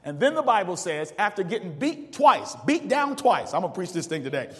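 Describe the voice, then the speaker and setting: A male pastor preaching a call-and-response sermon, reading verses aloud and pausing for the congregation to fill in the words. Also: high-pitched, very animated, a bit bright, big-room sound. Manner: preaches with rising call-outs and asks the congregation to finish verses.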